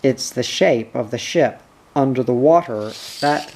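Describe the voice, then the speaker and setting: A man reading the part of an older sailing instructor explaining ships, unhurried. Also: mid-range voice, darkish tone.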